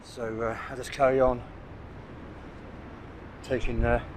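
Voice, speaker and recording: An older man of middling pitch chats away to camera while taking pictures, filling his sentences with "uh"s as he thinks aloud. He is recorded outdoors on a cliff top, with clear outdoor noise running under his voice. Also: level tone, slow. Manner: rambling, thinking aloud with many "uh"s. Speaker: landscape photographer vlogger. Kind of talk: casual talk to camera while shooting. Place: outdoors on a coastal cliff at sunset.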